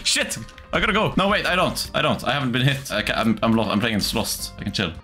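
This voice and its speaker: A man streaming a game in casual commentary, excitable, swearing often and laughing a lot. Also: medium pitch, fast. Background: game music.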